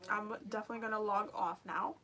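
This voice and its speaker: A woman's voice: medium pitch, fairly even intonation, quick pace, bright, forceful tone, slight background noise. A young woman with a New York accent, hosting a livestream and chatting casually with viewers, rambling with lots of fillers. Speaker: livestream host.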